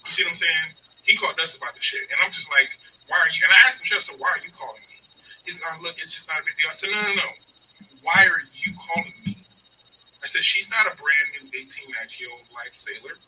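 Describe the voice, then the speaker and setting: Man, 30s, rapid and profane storyteller with a bright, forceful voice, recorded on a distant mic with faint hiss. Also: fairly high pitch. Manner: profane, emphatic, acts out both sides of arguments. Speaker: podcast host telling a story. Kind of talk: casual storytelling.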